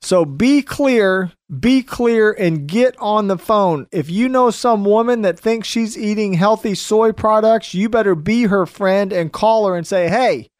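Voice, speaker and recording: A man's voice: sits high, normal speed, few pauses, no echo, studio quality. A man hosting a radio show, delivering an emphatic, repetitive ranting monologue.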